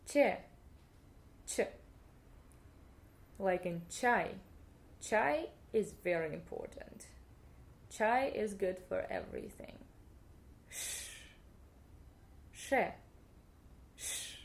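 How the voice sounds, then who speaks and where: In a playful alphabet lesson on video, this Russian-accented woman, a language teacher, demonstrates every sound slowly and says it again for whoever's watching. Her pitch is medium and her tone a little mellow.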